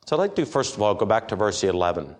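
A man's voice: fairly low pitch, big pitch swings, fast. A man preaching an interactive sermon to a congregation, asking them questions and reading scripture aloud. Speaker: pastor.

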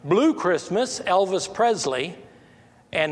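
An American man speaks slowly, pausing and restarting as he works through his thoughts. His voice sits a little high for a man, and it rings with a long reverb, as if in a large hall. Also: very animated. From United States. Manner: halting, many restarts and fillers, rises when stressing a point. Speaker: Christian speaker. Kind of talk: informal teaching monologue.

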